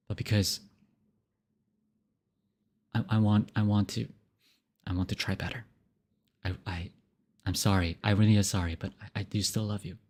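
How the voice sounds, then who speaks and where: A man acting out a remorseful young man who stammers softly while begging his ex for another chance. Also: lowish voice, voice pushed down, natural voice. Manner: halting, stammering, soft-spoken pleading.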